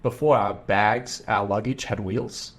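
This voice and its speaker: A middle-aged man with an Australian accent, a podcast guest telling a story in a casual, animated way, acting out the voices of the people he quotes. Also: fairly low pitch, measured pace. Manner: animated, acts out quoted dialogue.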